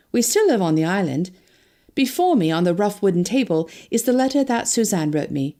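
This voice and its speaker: A woman narrating an audiobook in an expressive storytelling manner. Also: medium pitch, a little fast.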